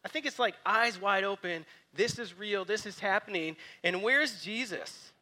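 Pastor, male, 30s, high bright voice, animated sermon delivery. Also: normal speed.

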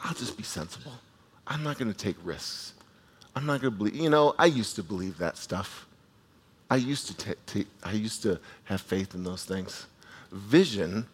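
A man preaching a sermon, retelling a scripture story in a conversational, animated way with asides to the listeners and frequent restarts. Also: fairly low pitch. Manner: restarts and repeats words while speaking. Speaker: pastor.

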